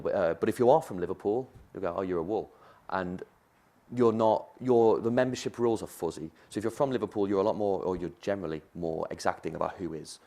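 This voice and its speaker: A male university lecturer giving a keynote talk at a conference, conversational and chatty, with playful asides to the audience. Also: low voice. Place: conference room.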